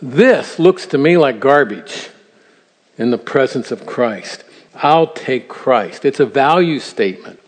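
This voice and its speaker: A man's voice: mid-range voice, lively intonation, takes it slowly. An older man giving an earnest, story-driven sermon-style talk to grandparents, chuckling at his own asides. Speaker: speaker at a church seminar for grandparents. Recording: long reverb of a large hall.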